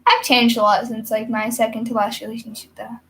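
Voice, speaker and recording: A woman's voice: fairly high pitch, flat delivery, brisk, a bit bright, a little hiss or hum. A young woman talking casually to camera in a rambling, hyper vlog monologue with giggly asides. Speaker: vlogger.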